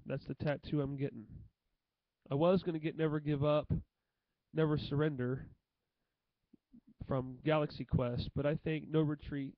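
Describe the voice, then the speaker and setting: Young guy vlogging, kinda high voice, stumbles and repeats himself a lot, dry muffled sound. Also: level tone, no echo. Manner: halting, repeats phrases and restarts often. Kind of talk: emotional tribute monologue to camera.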